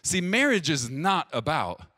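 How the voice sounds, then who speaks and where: A male pastor delivering a sermon straight to his viewers, with a lively voice that leaps up for emphasis and sinks low and quiet. His sound is close and dry, with no room around it. He talks plainly and directly. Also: measured pace, no echo. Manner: emphatic, swinging from loud stresses to hushed low lines.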